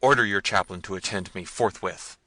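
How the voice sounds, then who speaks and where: A man voicing a domineering, harsh prince, speaking loudly and with command. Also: deep voice, fairly quick, no room sound, rough recording. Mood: imperious. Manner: loud, commanding delivery.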